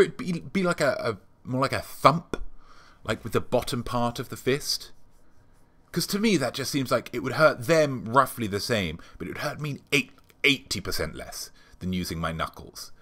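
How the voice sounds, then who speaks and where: A man hosting his show, delivering a rambling, deadpan comic monologue full of ums. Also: medium pitch. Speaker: show host.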